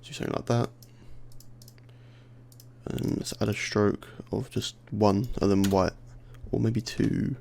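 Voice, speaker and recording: A young man with a slight lisp talks through a screen-recorded tutorial, mumbling and putting himself down as he works it out aloud. His low voice is very gravelly and sounds worn out. Keyboard clicks and typing sit behind him. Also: steady tone, unhurried, long pauses, darkish tone. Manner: mumbling, self-deprecating, thinking aloud. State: tired, worn voice. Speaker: tutorial host.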